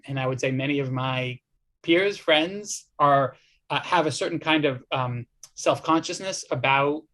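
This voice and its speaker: A man in a slightly higher register hosts an academic conversation. He speaks in a hesitant, conversational way. He restarts his sentences often as he frames his questions. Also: fairly bright tone. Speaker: interviewer. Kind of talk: academic interview.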